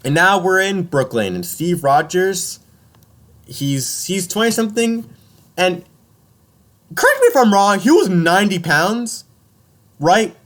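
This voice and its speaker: A man's voice: high voice, measured pace, pauses often. A young man casually recapping a film on a podcast, joking and slipping into silly character voices. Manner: animated, jokey, slips into silly voices for characters.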